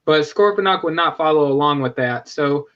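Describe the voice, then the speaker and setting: A man hosting a casual live stream, talking with rambling enthusiasm and frequent self-corrections. His voice sits high and bright. The sound is a little dull and lo-fi. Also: moderate pace. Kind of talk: casual fan chat.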